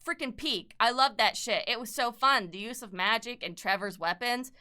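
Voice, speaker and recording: A young woman chatting casually on a livestream while she sketches, swearing freely with sudden bursts of excitement. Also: fairly high pitch, normal speed, clean tone. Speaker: streamer and artist.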